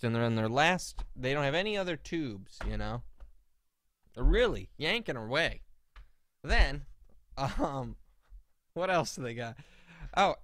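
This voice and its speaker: A man's voice: a little high, no room sound, clean studio sound. A man co-hosting a podcast in casual chat, telling stories with indignation and acting out what people said. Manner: animated, indignant storyteller who acts out quotes. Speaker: podcast co-host.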